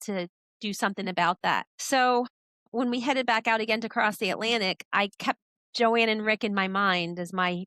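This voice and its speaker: A middle-aged woman, a podcast guest, telling her story in a lively, animated way. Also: mid-range voice, smooth, no room sound. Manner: animated storyteller who acts out voices in quotes. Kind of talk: storytelling in a casual interview.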